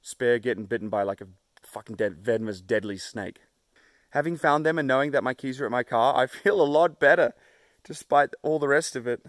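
A man's voice: mid-range voice, a little fast, dry recording. A young man vlogging alone on a mountain trail, exhausted and in pain, talking with frequent weary sighs into a handheld camera. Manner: weary, sighing often. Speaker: solo hiker vlogger. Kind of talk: casual video diary. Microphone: handheld phone or action camera.

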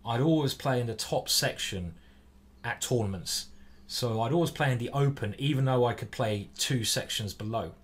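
Man, casual live-stream chatter, mid pitch, from England. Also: moderate pace, husky. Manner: chatty, reads viewer chat aloud. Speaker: chess streamer. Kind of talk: live-stream commentary while playing.

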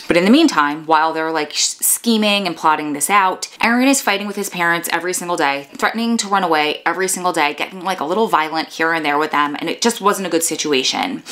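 A woman's voice: lowish voice, a bit bright. A woman from New York with a New York accent, telling a true crime case in a casual, chatty way, breaking off for asides and jokes to her viewers. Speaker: true crime podcast host.

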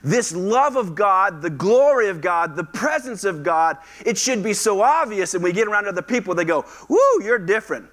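A male pastor preaching a lively sermon, acting out voices and calling on the congregation to respond. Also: high-pitched, moderate pace, few pauses. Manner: animated, acts out quoted voices, asks the congregation to respond. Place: church sanctuary.

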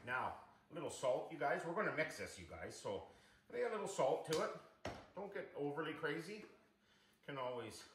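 Man host, chatty home cook, keeps saying "you guys", roomy kitchen with loud sizzling behind. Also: fairly high pitch, big pitch swings, moderate pace, background noise. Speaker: cooking show host. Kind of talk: casual cooking demonstration.

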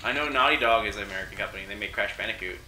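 A man's voice: on the low side, racing. A young man casually commenting on a video game, rambling and joking between digressions. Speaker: let's play co-host. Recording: roomy with faint noise.

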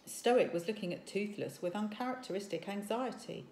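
A woman teacher reading a story aloud to children, animated, and stopping to ask questions. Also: fairly low pitch, moderate pace, slight background noise. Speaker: primary school teacher. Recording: echoey room.

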